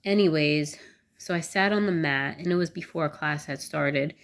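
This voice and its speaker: A woman with a notably low voice speaks to camera in a loose, candid vlog style. She rambles a little and fills her sentences with "like" and "you know". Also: moderate pace. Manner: candid, rambling, lots of "like" fillers. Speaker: vlogger. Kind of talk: casual talk to camera.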